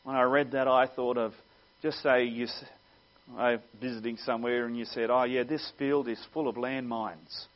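A man's voice: mid-range voice, steady tone, normal speed. A man preaching a sermon, earnest and teaching, with wry asides. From Australia. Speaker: pastor. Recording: dull lo-fi sound.

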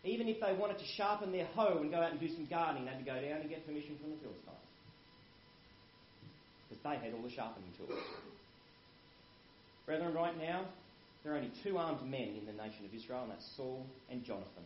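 A man's voice: a little high, lively intonation, fairly quick, long pauses, a little hiss or hum. A man preaching a sermon in an earnest way, calling the congregation brethren and telling anecdotes. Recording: muffled lo-fi recording.

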